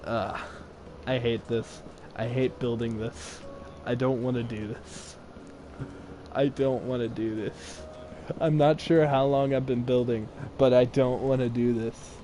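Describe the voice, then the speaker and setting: A man's voice: medium pitch, fairly even intonation, measured pace, noisy background. A young man casually telling a funny personal story while playing a game, laughing often and acting out the people he quotes. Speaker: gaming video host.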